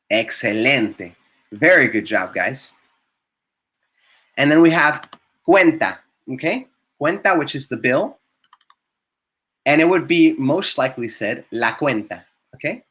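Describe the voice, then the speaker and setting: This is a man leading a live online Spanish class, with a clearly bright, forward-sounding voice. He models vocabulary, explains pronunciation, and keeps praising his students as he goes. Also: medium pitch. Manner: encouraging, repeats words and praises students.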